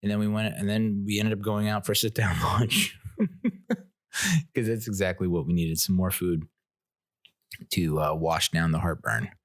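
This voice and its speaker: A man's voice: deep voice, level tone, moderate pace, pauses often, a bit bright, dry recording, studio quality. A man hosting his own podcast, telling a rambling, self-mocking story and laughing at his own jokes. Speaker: podcast host. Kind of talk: casual solo podcast storytelling.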